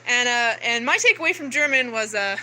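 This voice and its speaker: A woman's voice: on the high side, animated, brisk, sharp tone, a little hiss or hum, rough recording. A woman vlogger in a rambling spiritual monologue to camera, swearing a lot and talking intensely, with many restarts and fillers.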